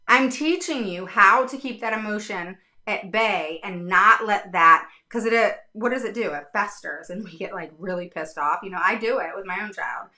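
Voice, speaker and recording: Frank, bright-voiced woman advocate. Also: medium pitch, normal speed, few pauses. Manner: frank, blunt, swears casually. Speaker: special education advocate. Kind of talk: casual talk to viewers.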